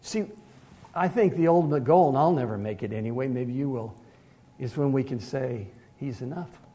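A man preaching a conversational sermon, moving from hushed asides to loud emphatic lines and chuckling at himself. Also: mid-range voice, normal speed.

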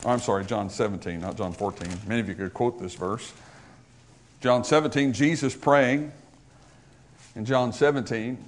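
A man's voice: medium pitch, fairly even intonation, moderate pace, long pauses, slight background noise. A man preaching a sermon as pastor, emphatic, building through repeated rhetorical lines and questions. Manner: emphatic, rising to forceful repetition, rhetorical questions.

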